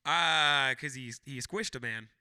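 A young man hosting a podcast, telling a story in a casual chat, animated and swearing a lot, loudly acting out what he said. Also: mid-range voice, measured pace, clean tone. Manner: animated, swears often, shouts when quoting himself. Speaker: podcast host.

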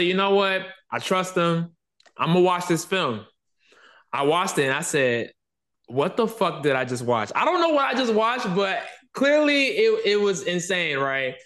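A man hosting a podcast, telling stories animatedly in casual conversation. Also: a little high. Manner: animated storytelling, swearing. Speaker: podcast host.

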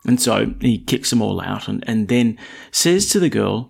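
A man preaching a sermon in a conversational, storytelling way, asking rhetorical questions and reading scripture in a slower, lower voice. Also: expressive, creaky, darkish tone, breathy edge.

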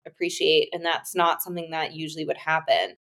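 A young woman, a guest, tells a personal story in casual conversation, peppering it with "like" and other fillers while acting out both sides of past exchanges. Her voice sits low and fairly bright, with a steady tone and a brisk pace.

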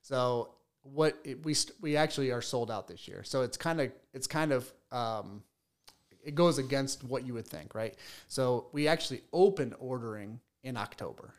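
A man's voice: medium pitch, lively intonation, normal speed. A man who runs a beekeeping business, chatting in a casual podcast interview and telling stories with many restarts and repeated words. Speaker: beekeeper and bee business owner.

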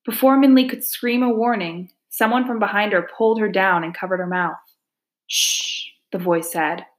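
A woman reading a children's folk-tale novel aloud, calm and measured with hushed suspense. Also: mid-range voice. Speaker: audiobook narrator. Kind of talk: storybook narration.

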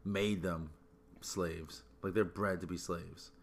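A man's voice: deep voice, fairly even intonation, takes it slowly, gravelly, slight background noise. A man hosting a casual chat, blunt and slangy, repeating points for emphasis.

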